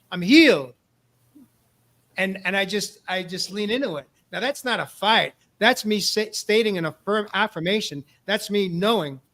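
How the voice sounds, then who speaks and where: Earnest high-voiced male host. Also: pushed and bright. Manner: earnest, repeats words when starting sentences. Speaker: podcast host. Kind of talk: casual talk show discussion.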